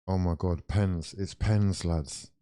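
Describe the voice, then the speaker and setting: Low, mellow-voiced excitable young man. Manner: excitable, exclaiming, chatting to viewers. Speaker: watch-along streamer. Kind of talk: live football watch-along commentary.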